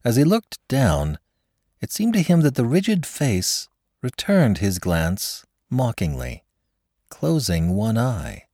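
A man's voice: medium pitch, wildly swooping pitch, slow pace, mellow, dry recording, studio quality. A man narrating a classic story in a scripted, dramatic reading. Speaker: podcast narrator.

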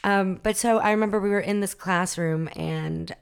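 A woman guest in a casual chat, an animated storyteller who acts out the people in her stories. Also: mid-range voice, moderate pace, gravelly, clear, resonant tone.

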